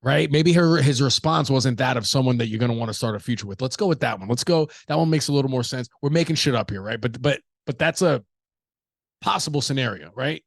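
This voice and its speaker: A young man from the United States riffs solo on his podcast, swearing freely and firing off joking rhetorical questions. His middle-pitched voice carries a gravelly fry, and the sound is close and dry. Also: fast talker, no room sound. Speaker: podcast host. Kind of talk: casual solo riffing.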